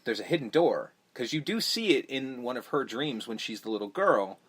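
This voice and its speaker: A man in casual podcast chat about a movie, with a middle-pitched voice. He rambles and swears freely, and he gets animated when he pokes fun at odd scenes. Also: moderate pace, husky. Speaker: podcast host.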